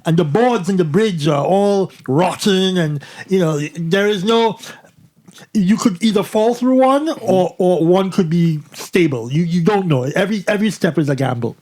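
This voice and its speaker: A man's voice: sits high, normal speed. A man co-hosting a podcast, telling a story casually with restarts and frequent "right?" checks. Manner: animated, restarts, tags "right?". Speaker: podcast co-host.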